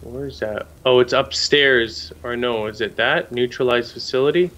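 A man's voice: mid-range voice, moderate pace, fairly bright tone, highs cut off, a little hiss or hum. Easygoing man chatting through gameplay. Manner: easygoing, calls his partner "friend". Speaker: co-op gaming channel host. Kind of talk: casual gameplay chat.

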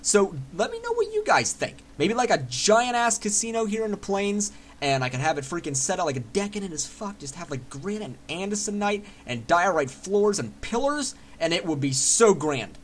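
A young man giving casual, excitable commentary while playing a building game, chatting to himself and swearing freely. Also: sits high, moderate pace, hardly any pauses. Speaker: Minecraft let's player.

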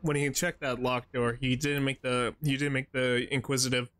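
A man's voice: medium pitch, flat delivery, moderate pace, a bit bright, dry recording, studio quality. A man streaming a video game, chatting to himself in casual commentary with exasperated outbursts.

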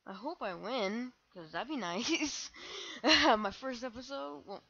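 A young woman commenting on her own gameplay, excitable and self-mocking, breaking into shrieks when panicked. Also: a little high, slow pace, gravelly, highs cut off. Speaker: gaming channel host.

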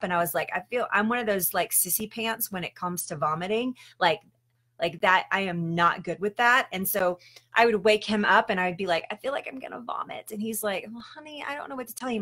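A woman coach chatting on a live stream in a bright, crisp voice at an ordinary middle pitch. She tells her story in a loose, conversational way and laughs often as she goes. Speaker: health coach. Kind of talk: casual live-stream talk.

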